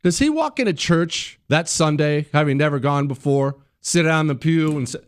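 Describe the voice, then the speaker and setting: A man's voice: fairly high pitch, animated, moderate pace, hardly any pauses, clean tone, no echo. Blunt radio host guy, dry close studio mic, talks combative. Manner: blunt, combative, mocks people in put-on voices; turns quiet and subdued when talking about the fallen. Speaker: radio talk show host. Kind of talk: political talk radio monologue.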